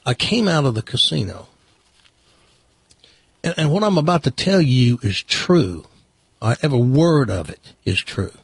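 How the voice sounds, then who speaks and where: A man from the American South with a Southern accent, hosting a talk radio show and telling stories in a lively, stammering way. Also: medium pitch, unhurried, creaky, long pauses, breathy edge, dry recording. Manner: animated storyteller, restarts and stammers. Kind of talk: casual talk radio chat.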